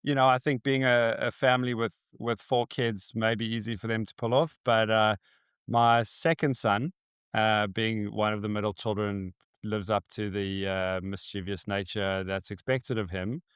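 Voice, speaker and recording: A man talking as a podcast guest in a measured, unhurried way, often pausing to think. His voice is smooth and resonant. The recording is dry and close. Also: lowish voice, fairly even intonation, a bit bright, no echo. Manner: measured, many ums and pauses. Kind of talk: casual chat.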